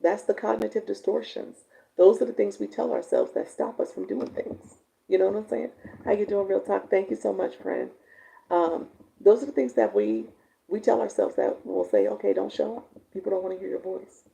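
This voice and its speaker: A woman live-stream coach with a raspy voice, chatting casually with viewers and reading their comments. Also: medium pitch, animated, normal speed, rough recording. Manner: chatty, warm-toned, laughs often, answers viewers by name.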